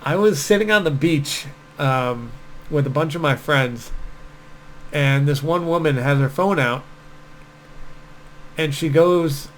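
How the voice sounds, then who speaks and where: A man's voice: fairly high pitch, takes it slowly, long pauses, a bit bright, a little hiss or hum, poor audio. A man talking as a dating coach, telling stories and giving advice in a casual, chatty way with frequent fillers. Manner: casual, storytelling, many fillers. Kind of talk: direct-to-camera advice talk.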